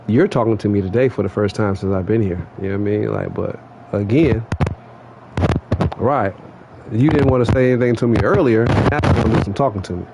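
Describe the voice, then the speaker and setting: A man's voice: on the low side, background noise. A man telling a heated, rambling story about a run-in at work, often adding "you know what I mean". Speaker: vlogger. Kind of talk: casual venting story.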